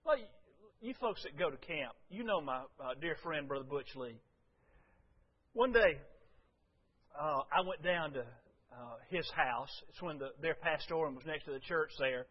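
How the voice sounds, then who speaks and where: A man's voice: fairly high pitch, expressive, unhurried. Folksy preacher man, muffled recording. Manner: folksy storytelling preacher, shifting from loud to hushed. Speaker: pastor. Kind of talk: sermon.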